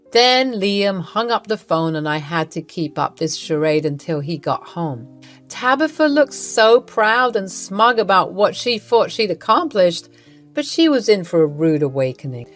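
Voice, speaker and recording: A woman's voice: fairly low pitch, animated, measured pace, faint music behind. A woman narrating a scripted first-person drama story with a wry, amused manner.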